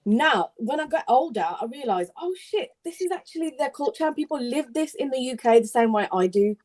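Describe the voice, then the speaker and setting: Woman on a live panel, blunt and sweary, lively voice. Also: high voice, fairly quick, low-quality recording. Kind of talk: heated panel debate.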